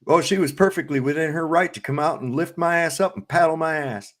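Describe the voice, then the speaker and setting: A man's voice: on the high side, a little fast, fairly bright tone. A middle-aged man co-hosting a casual podcast, telling stories in a blunt, profane, ranting way. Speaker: podcast co-host. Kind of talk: casual profane storytelling chat.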